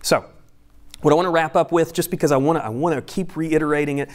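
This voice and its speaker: A man's voice: a little high, quick pace. Man preaching a casual teaching sermon. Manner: conversational, explains step by step with asides. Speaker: pastor. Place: church room with a screen.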